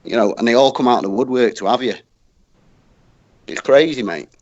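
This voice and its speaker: A man's voice: medium pitch, fairly quick, no room sound. Man, Northern English accent, blunt, sweary, heated chat, dull lo-fi sound, dry. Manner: blunt, sweary, says "mate" constantly. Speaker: guest debater.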